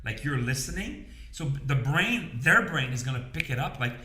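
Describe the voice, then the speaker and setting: A slightly high male voice, very animated and pushed and bright, moves at a moderate pace with hardly any pauses in an echoey room. He gives business owners casual advice on camera, conversational and repetitive, often checking in with "okay?" and "you understand?"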